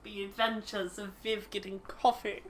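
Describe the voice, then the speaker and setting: A woman's voice: mid-range voice, flat delivery, moderate pace, slight background noise. A young woman streamer chatting playfully and rambling to her viewers during a live game stream. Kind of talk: casual live-stream chat.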